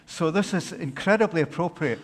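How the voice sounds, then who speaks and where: A man preaching a sermon, telling a parable in an animated way with playful asides to the congregation. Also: on the high side, a little fast. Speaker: pastor. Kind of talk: sermon with a dramatized parable reading. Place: church. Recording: long echo of a large hall.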